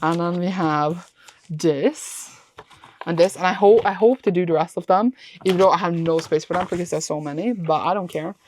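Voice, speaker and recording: A young woman vlogging casually about her books, gushing and excitable, often breaking off mid-sentence. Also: lowish voice, moderate pace, a little hiss or hum. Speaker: book vlogger. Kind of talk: casual reading vlog.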